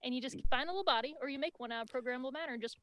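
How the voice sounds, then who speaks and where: A woman hosting a casual review chat over a home video call, excitable and chatty, with many fillers. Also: high-pitched, very fast, slight background noise. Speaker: podcast host.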